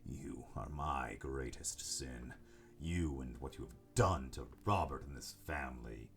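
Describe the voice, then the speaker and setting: A man voicing a zealous, mad old nobleman grandfather in a slow, brooding, menacing manner, lower than his own voice. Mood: bitter.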